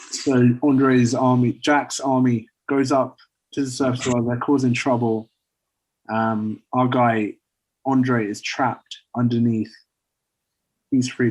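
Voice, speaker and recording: A man casually pitching a story idea to friends, rambling with lots of fillers. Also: darkish tone, rough recording. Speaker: podcast co-host pitching a story. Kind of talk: casual chat.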